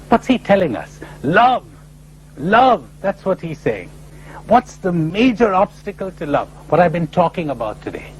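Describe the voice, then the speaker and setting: Animated man giving a spiritual talk. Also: fairly high pitch, slight background noise, low-quality recording. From India. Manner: animated storyteller, playful and emphatic. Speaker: spiritual speaker. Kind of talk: spiritual lecture with stories.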